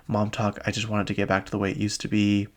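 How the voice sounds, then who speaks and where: A man quietly mimicking a whiny, self-pitying reality-show woman in a soft, plaintive voice. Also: lowish voice, monotone, fast talker, close to an everyday voice.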